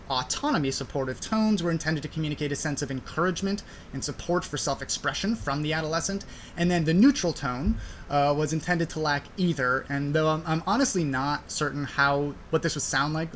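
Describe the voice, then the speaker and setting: A young adult man with a fairly high voice hosts a podcast, explaining a study casually and conversationally. He uses frequent fillers, and there's a slight hiss or hum.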